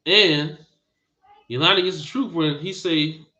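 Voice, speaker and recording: A man's voice: a little high, unhurried, bright, forceful tone. A man preaching a Bible teaching sermon, emphatic and scolding, repeating phrases for force. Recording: dull lo-fi recording.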